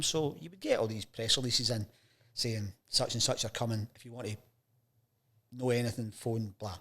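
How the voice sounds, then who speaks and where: A man's voice: medium pitch, moderate pace. A Scottish man in his fifties, a sports journalist guest on a chat show, telling stories casually and acting out the voices of the people in them. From Scotland. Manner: lively anecdotes, acts out quoted voices. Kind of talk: casual storytelling interview.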